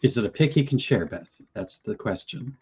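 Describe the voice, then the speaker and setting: A man's voice: mid-range voice, animated, normal speed, darkish tone, muffled recording, slight background noise. A man hosting a live stream, reading out viewer comments and cracking jokes. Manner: wisecracking, reads out viewer comments. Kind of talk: casual live-stream chat.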